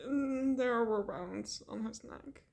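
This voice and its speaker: A young woman telling a rambling, animated story in a casual vlog, laughing often and swearing. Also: a little high, slow pace, vocal fry.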